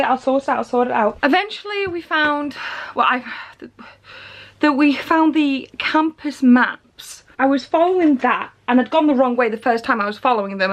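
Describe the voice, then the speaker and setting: Woman, 30s, vlogger, high voice, worn out and emotional, rambling delivery. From England. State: weary after crying. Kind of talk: personal vlog talk.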